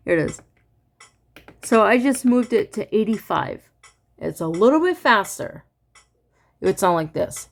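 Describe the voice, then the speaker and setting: A woman teaching a music braille lesson in a relaxed, casual way, hesitant with many fillers and laughing at her own slips, reciting note names and dot numbers to a metronome. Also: mid-range voice. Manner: recites counts in time with a metronome.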